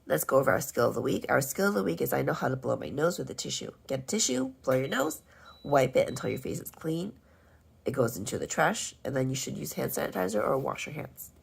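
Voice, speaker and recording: Woman, first grade teacher, very deep voice, gravelly, spells words out letter by letter. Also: very animated. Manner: slow, clearly spelled-out teacher talk. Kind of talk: homework walkthrough lesson.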